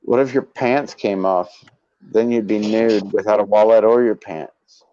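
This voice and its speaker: A man's voice: on the low side, steady tone, unhurried, dark tone, no room sound, highs cut off. A man hosting a casual chat, telling laid-back, profane anecdotes. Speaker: podcast host.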